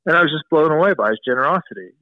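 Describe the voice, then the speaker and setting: A man's voice: a little high, animated, very fast, dry recording. Rambling man on a dull, lo-fi line. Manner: rambling, leans heavily on "you know". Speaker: podcast guest, fly tyer. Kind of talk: casual interview chat.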